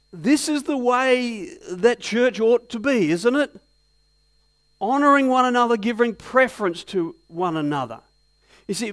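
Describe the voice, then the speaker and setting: A pastor delivers a sermon in a church. His voice sits high for a man. He keeps turning to the congregation with rhetorical questions and tells stories with lively animation. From Australia. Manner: animated storytelling.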